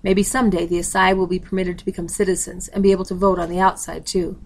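Reserved young man, short replies, storybook, read by a woman, lowish gravelly tone. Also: level tone, quick pace. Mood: guarded. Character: young man, reluctant older brother.

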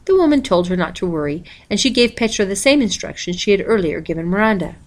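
Woman reading a kids' picture book out loud, steady and expressive, middle pitch. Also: fast. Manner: steady, expressive, reads page numbers aloud. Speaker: storybook reader.

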